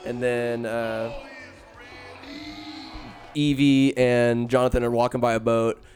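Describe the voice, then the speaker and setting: A man's voice: mid-range voice, little pitch movement, slow, a little mellow, faint music behind. A man casually retelling a movie plot, rambling and joking with profane, slangy asides. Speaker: film recapper.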